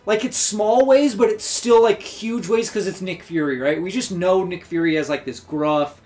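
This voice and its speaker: High-voiced enthusiastic man chatting. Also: normal speed, darkish tone. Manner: enthusiastic, full of "like" fillers. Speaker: co-host. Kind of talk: casual fan chat.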